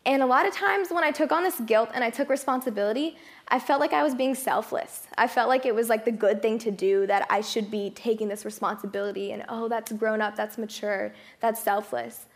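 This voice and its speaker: A woman's voice: a little high, fast talker. Chatty young woman giving a testimony. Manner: chatty and self-mocking, laughing as she tells a story. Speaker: youth speaker. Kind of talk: testimony talk to a youth gathering. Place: fellowship hall.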